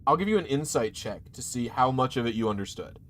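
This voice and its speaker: A man's voice: medium pitch, lively intonation, a little fast, a bit bright, a little hiss or hum. A man running a tabletop game as game master, narrating in a rambling, hesitant way with many fillers.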